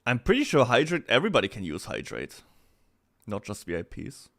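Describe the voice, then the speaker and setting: A man's voice: medium pitch, huge pitch swings, brisk, creaky. Laughing German man streaming. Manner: laughs often, reacts loudly to chat. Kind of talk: casual stream chat.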